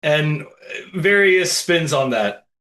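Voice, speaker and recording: Male podcast co-host, bright tone, measured explainer. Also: fairly high pitch, lively intonation. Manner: explanatory, measured, with filler pauses. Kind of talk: casual film podcast chat.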